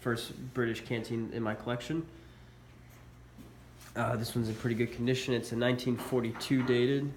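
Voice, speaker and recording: A man sounding blocked up from a cold talks at normal speed and a medium pitch, his tone level, as he casually shows military collectibles. His delivery is hesitant and heavy on uhs, typical of a show-and-tell vlog. There's room echo and a faint background noise.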